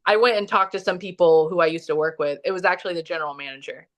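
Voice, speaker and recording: Talking quickly in a lowish voice, this Midwestern woman from Kansas City, Missouri, is a podcast guest spinning a loose, meandering story. She says "like" constantly and keeps restarting her sentences.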